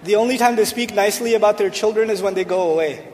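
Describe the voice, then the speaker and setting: A man's voice: sits high, fast talker, darkish tone, long reverb tail, slight background noise. A man giving a humorous Islamic lecture from a stage to a live audience, asking rhetorical questions and joking. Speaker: Islamic speaker. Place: large hall, on stage.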